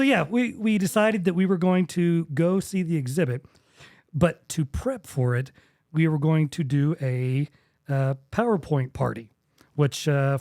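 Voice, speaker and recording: A man's voice: a little high, warm tone, dry recording, clean studio sound. Joking man hosting a podcast. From West Texas. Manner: joking, rambling, quick to laugh. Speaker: podcast host. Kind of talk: casual podcast chat.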